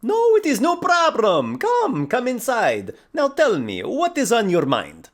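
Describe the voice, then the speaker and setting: A man's voice: very high-pitched, huge pitch swings, a little slow, voice pushed up, exaggerated voice. A man voicing a hospitable, effusive host character with a Mediterranean accent. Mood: welcoming.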